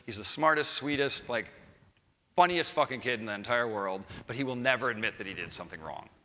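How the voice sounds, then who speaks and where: A man's voice: medium pitch, lively intonation, fairly quick, pushed and bright. A man giving a casual storytelling talk at a conference, swearing freely and rambling with lots of "like.". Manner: profane, rambling with many "like"s. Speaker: conference speaker. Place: large conference hall with a live audience. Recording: reverberant hall sound.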